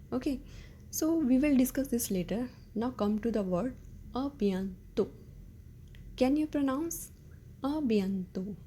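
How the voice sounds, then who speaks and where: Woman, language teacher, slow deliberate pace, slightly high voice, patient, repeats words. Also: warm tone, slight background noise. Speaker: French teacher. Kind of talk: slow beginner language lesson.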